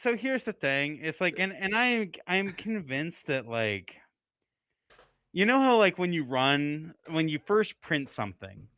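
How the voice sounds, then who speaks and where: A man in casual chat, working his ideas out aloud with lots of fillers. His voice is smooth and bright, a little above average in pitch. The sound is dry and close. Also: very animated, unhurried, no room sound. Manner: rambling, thinks aloud with many fillers. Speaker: co-host.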